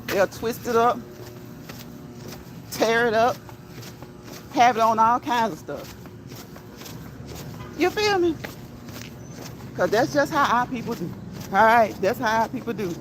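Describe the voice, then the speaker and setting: A woman's voice: fairly high pitch, a bit bright, slight background noise, poor audio. Chatty woman vlogging on a walk. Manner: chatty, repeats "okay?", laughs often. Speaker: walking vlog host. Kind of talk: casual chat while walking. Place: outdoors on a walk.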